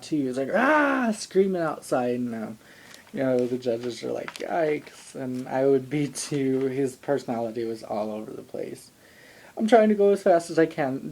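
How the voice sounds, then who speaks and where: A man's voice: mid-range voice, moderate pace, mellow. A young man casually recapping a TV show into a handheld camera, rambling with many ums and likes. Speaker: vlogger recapping a TV singing show. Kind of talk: casual talking-head recap. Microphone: handheld camera, shaky.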